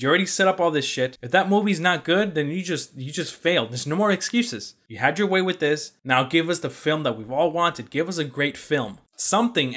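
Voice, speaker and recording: Exasperated young man ranting, slightly high voice. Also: a bit bright. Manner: exasperated, blunt, swears casually. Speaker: movie reviewer. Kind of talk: casual opinion rant.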